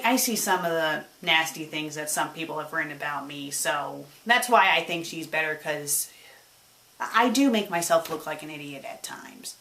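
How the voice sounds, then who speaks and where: With a fairly low pitch, this woman runs a web show and takes viewer questions in a laid-back vlog. Her delivery is lively, moving from excitement to a quieter mood, and when she trips over her words she repeats them.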